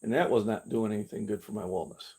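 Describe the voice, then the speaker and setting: An older man talks through a meandering live stream in a husky, slightly breathy voice. He speaks candidly, doubling back and restarting his sentences, and now and then mimics his own past reactions in a mocking tone. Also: fairly low pitch, fairly even intonation, fast, a little mellow. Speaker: fitness channel host. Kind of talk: rambling live-stream talk. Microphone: camera he carries himself.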